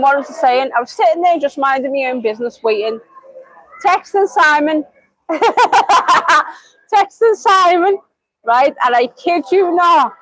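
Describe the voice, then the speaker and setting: A woman's voice: sits high, no echo, rough recording. A woman chatting on a live stream. She rambles with lots of fillers and restarts. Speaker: vlogger. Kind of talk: casual live-stream chat.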